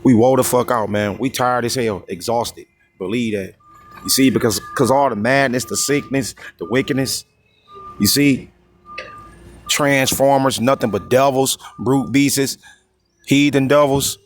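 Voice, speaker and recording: A man preaching on scripture in a coarse, heated way, reading verses slowly and drawn out and checking in with the listener again and again. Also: medium pitch, faint music behind. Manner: constantly repeats "you see?" and "you know what I mean?". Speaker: street-style preacher.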